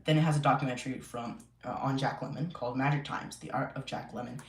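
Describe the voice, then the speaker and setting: A man's voice: medium pitch, fairly even intonation, fast. A man chatting casually on a live stream from home, rambling with many fillers and restarts. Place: home room. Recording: echoey room, faint noise.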